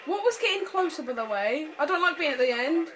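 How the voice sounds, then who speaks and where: A woman's voice: sits high, lively intonation, a little fast. A young woman chatting while playing a horror game with friends, scared and jumpy, breaking into screams and nervous laughter. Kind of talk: casual let's-play chat. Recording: noisy home recording.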